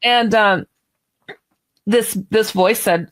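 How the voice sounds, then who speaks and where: A woman guest author telling a story on a radio interview, animated and chatty, laughing now and then. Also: mid-range voice, slow, pauses often.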